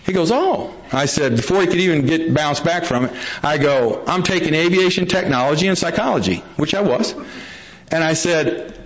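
A man's voice: fairly high pitch, moderate pace. A man telling his recovery story to a meeting, a folksy storyteller who acts out the quotes. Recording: dull lo-fi recording.

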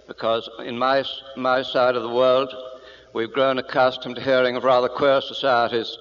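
A man's voice: medium pitch, fairly bright tone. An Irish man with a rather English-sounding accent giving a talk to a meeting, telling anecdotes with dry, self-deprecating humor. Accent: Irish with English-sounding speech. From Ireland. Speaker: guest speaker. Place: large meeting hall. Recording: muffled old hall recording with long reverb.

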